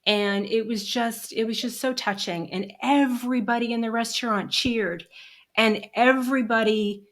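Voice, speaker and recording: A woman's voice: fairly high pitch, steady tone, normal speed. Chatty, emotional woman host. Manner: warm and emotional when telling stories, chatty. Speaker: podcast host. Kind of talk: casual interview conversation.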